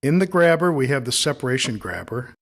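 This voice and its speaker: A man teaching audio editing in a screen-recorded tutorial, thinking aloud in a relaxed, explanatory way as he demonstrates each step. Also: medium pitch, brisk.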